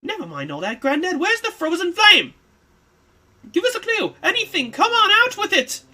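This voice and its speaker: A streamer voicing a brash, pushy young female thief from a text game, loud and taunting. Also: medium pitch, animated, normal speed, voice pushed up, close to an everyday voice. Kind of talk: reading a text game aloud.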